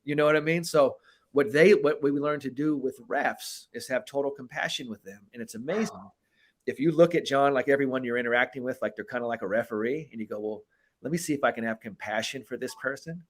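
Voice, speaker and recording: A man's voice: mid-range voice, fairly quick. Profane, emphatic male podcast host. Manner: emphatic, profane, animated delivery. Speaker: podcast host and performance coach. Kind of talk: casual podcast conversation.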